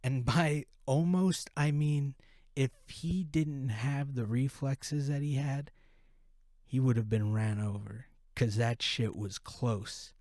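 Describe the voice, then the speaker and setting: A man's voice: medium pitch, steady tone, slow, darkish tone, dry recording, studio quality. A man hosting a podcast who tells a profane, rambling story in a casual way. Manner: profane, rambling, full of restarts. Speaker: podcast host.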